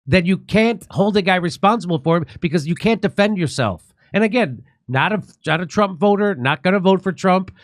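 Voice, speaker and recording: A man's voice: high voice, expressive, a little fast, hardly any pauses, dry recording, clean studio sound. A man hosting a political talk show, reading news aloud and adding sarcastic jokes. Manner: sarcastic, joking asides. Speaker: show host.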